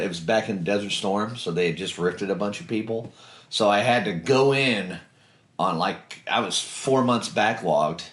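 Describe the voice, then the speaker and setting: A low-voiced Kentucky man in his forties spins a blunt, salty story about joining the service. His voice rings around an echoey room. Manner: blunt, profane, swerves into animated impressions of others. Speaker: veteran interviewee. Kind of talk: casual storytelling interview.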